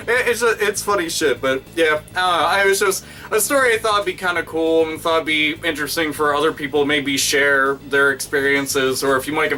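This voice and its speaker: A man's voice: on the high side, a little fast, hardly any pauses. A man in his thirties talking casually in a rambling, profane vlog monologue. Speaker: YouTube vlogger. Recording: bright voice, somewhat distant mic, faint music.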